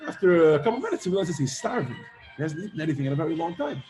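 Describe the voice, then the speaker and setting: A man teaching a class, telling a long parable with lively acted-out voices and casual fillers. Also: on the high side, racing, soft background music. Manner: animated storyteller, acts out characters with many fillers. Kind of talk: storytelling lesson to students.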